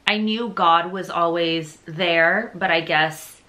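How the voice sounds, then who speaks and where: A young woman shares her faith testimony in a low yet bright, forceful voice. She talks casually and rambles, leaning on "like" and "you know", and is openly emotional and confessional. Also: slow. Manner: chatty and rambling, heavy on fillers like "like" and "you know".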